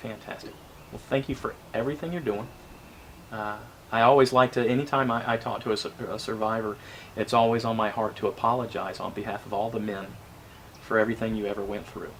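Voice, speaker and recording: A man hosting a casual interview, reflective and halting, often repeating words as he gathers his thoughts. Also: lowish voice, fairly even intonation, a little hiss or hum. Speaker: interview host.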